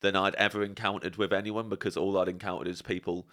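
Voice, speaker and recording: A man's voice: low-pitched, little pitch movement, quick pace, bright, forceful tone. A man, chatting on a podcast and telling rambling, self-deprecating stories about his childhood. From England. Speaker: podcast guest. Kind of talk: casual chat, storytelling.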